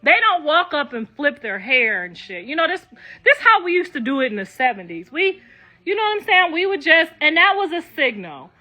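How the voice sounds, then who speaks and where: Brash, high-voiced older woman ranting. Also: big pitch swings, a little fast, pushed and bright. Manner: profane, brash, talks straight to viewers. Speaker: online commentator. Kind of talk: casual rant to viewers.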